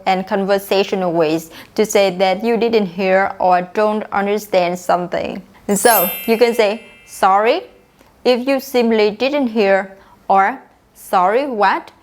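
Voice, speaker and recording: A young woman leads an online English lesson. She speaks at a middle pitch, explains each point clearly, and acts out the example phrases. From Vietnam. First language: Vietnamese. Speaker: English teacher.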